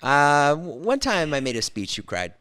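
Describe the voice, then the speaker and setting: A young man co-hosting a podcast in casual chat. He teases, laughs often and drops dry deadpan asides. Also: a little high, normal speed, no room sound. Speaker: podcast co-host.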